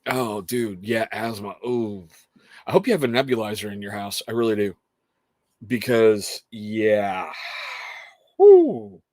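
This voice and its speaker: A man in his thirties hosting a casual show, telling family stories in an animated way and laughing often. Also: fairly low pitch, slow pace, pauses often, dry recording. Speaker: podcast host talking to chat. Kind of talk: casual chat.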